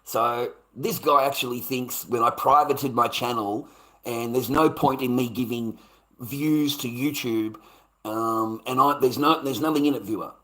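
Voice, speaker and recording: Unhurried and fairly even in intonation, a man with a medium-pitched, slightly bright voice hosts a livestream rant on his own channel. He's sarcastic and confrontational, swearing and going over the same points again.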